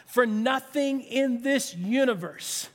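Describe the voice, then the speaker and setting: Speaking slowly in an extremely high-pitched voice, a man preaches a passionate sermon in a church sanctuary. He is emphatic and keeps repeating phrases, while the recording carries the long reverb of a large hall.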